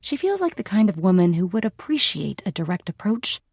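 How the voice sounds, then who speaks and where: A woman's voice: lowish voice, very animated, a little fast, few pauses, darkish tone, slightly rough, no room sound, clean studio sound. A woman narrating a first-person audiobook in a wry, dryly humorous manner.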